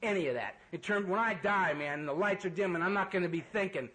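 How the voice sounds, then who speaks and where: High-voiced guy sharing his story at a meeting, blunt and jokey, cusses casually. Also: lively intonation, fast talker, fairly bright tone, rough recording. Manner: blunt, joking, earnest, casual swearing. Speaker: speaker at a recovery meeting. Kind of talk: personal testimony talk. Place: meeting room full of people.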